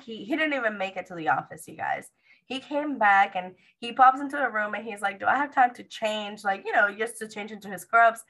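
A woman's voice: medium pitch, low-quality recording. Chatty woman retelling her birth story. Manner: animated retelling, acts out quoted dialogue. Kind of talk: casual storytelling to viewers.

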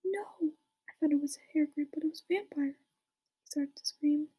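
A woman reads aloud in a comic, mock-serious way, breaking off for dry asides. Her voice sits high but stays level, hardly rising or falling, and its tone is soft and mellow. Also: flat delivery, moderate pace. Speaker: reader. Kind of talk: comic dramatic reading.

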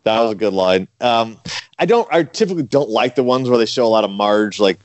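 A man's voice: lowish voice, fairly quick, dry recording, low-quality recording. A man co-hosting a podcast, chatting casually and steering the segments. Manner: relaxed, leads the segments. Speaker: podcast co-host. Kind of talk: casual chat.

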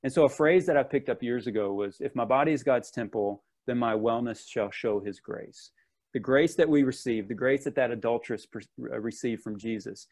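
A man's voice: medium pitch, a little fast, a little mellow. A man preaching a sermon in an earnest, conversational way, with casual asides and restarts.

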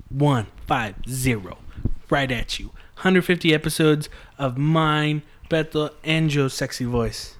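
Man, podcast host, casual chat, joking, slightly higher voice. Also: a bit bright. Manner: joking, laughs often.

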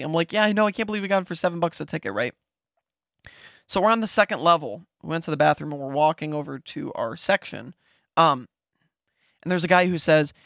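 A young man from Ohio, podcast host, telling a story in an excited, rambling way with lots of fillers. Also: a little high, dry recording, studio quality. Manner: excited, fast-talking, lots of fillers and "right?". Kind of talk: casual storytelling.

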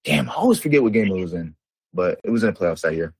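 A man's voice: low-pitched, big pitch swings, fast, vocal fry, a little mellow, breathy edge, no echo. A young man co-hosting a podcast, chatting casually about basketball in a loose, rambling, slangy way with lots of fillers. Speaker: podcast co-host. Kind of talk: casual sports chat.

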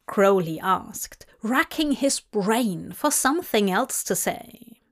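A woman narrating a fanfiction story aloud in a measured, expressive reading manner. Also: mid-range voice, creaky. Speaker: story reader.

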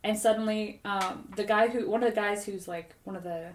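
A woman telling a long, animated story in casual podcast chat, rambling and full of "like". Her pitch sits in a middle range. The recording sounds roomy and echoey. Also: moderate pace, slight background noise. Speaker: podcast co-host.

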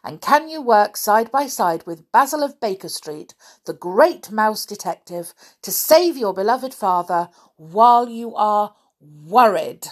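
A woman voicing a kindly male mouse doctor who speaks gently and patiently to reassure a child. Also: mid-range voice, expressive, a little slow, hardly any pauses, voice pushed up. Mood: reassuring.

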